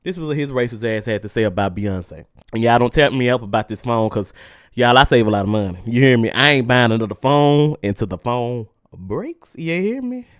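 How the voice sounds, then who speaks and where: A man's voice: medium pitch, brisk, dry recording, studio quality. A man hosting a solo podcast, ranting casually and profanely with heated energy while his mouth burns from spicy food. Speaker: podcast host.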